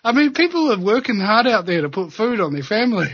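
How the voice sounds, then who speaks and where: A man hosting a casual conversation, sarcastic, laughing often, and animated. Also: sits high, a little fast, slight background noise. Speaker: host. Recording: dull, dry lo-fi audio.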